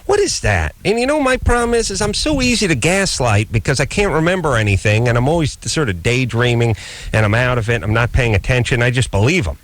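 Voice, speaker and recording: A man's voice: medium pitch, very animated, brisk, dry recording. A man co-hosting a late-night call-in radio show, in casual, rambling, joking banter that mocks himself. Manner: rambling, joking, self-mocking.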